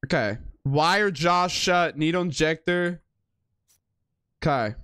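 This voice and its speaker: A man's voice: fairly high pitch, takes it slowly, fairly bright tone, clear, resonant tone. A man streaming a game live, giving casual, profane, slangy commentary and laughing often.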